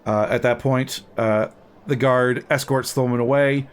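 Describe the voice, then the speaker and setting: A man at a middle pitch running a tabletop game as game master. He narrates in a relaxed, hesitant way, leaning on fillers while he describes the scene. His voice sits at an ordinary height for a man. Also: normal speed, clean tone.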